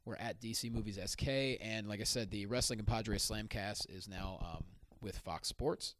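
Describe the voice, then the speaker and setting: A man's voice: fairly low pitch, normal speed, dry recording. A man, a comedian guest on a movie podcast, retelling film scenes with animation. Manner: animated storyteller. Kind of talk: casual movie podcast chat.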